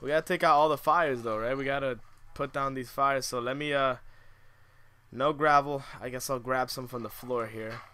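Bright-voiced young gamer, swearing and shrieking. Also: male voice, mid-range voice, steady tone, moderate pace, clean tone, dry recording. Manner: swings from mutters to shrieks, swearing and ranting. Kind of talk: game commentary.

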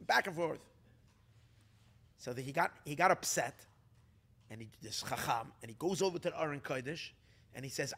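A man, a rabbi, telling a story to a gathering in an animated way, restarting often and mixing in Hebrew and Yiddish terms. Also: mid-range voice, moderate pace, slightly rough.

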